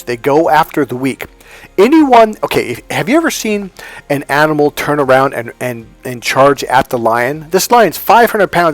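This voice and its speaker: Middle-aged male motivational talker, lively pitch, salty language, dry close sound. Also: no room sound. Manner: swings from fired-up to low and hushed, swears freely. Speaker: motivational speaker. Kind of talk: storytelling monologue.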